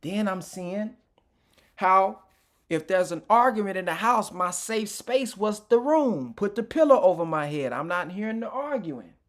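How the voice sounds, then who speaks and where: A man's voice: sits high, animated, unhurried. A man giving an informal, emotional personal testimony as a motivational speaker, candid and reflective, often restarting his sentences.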